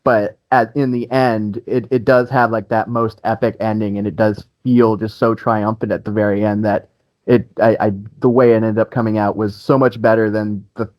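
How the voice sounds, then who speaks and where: A man's voice: fairly low pitch, level tone, normal speed, darkish tone, no room sound. Rambling, laughing man on a dry mic. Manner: rambling, many restarts and fillers, laughs often. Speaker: band guitarist, interview guest. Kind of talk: casual interview chat.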